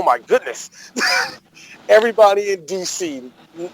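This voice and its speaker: A man from Washington, D.C., with a fairly high voice, talking in a loose, animated way. He jokes, swears freely and breaks into laughter as he hosts a casual sports chat. His delivery bounces between quick asides and drawn-out punchlines. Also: vocal fry, no room sound, rough recording. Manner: animated, joking, profane, laughs often. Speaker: podcast host.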